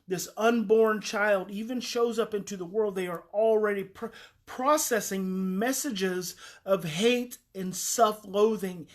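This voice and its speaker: A woman's voice: medium pitch, takes it slowly. Woman, parenting advice host, earnest, emphatic, repeats key phrases.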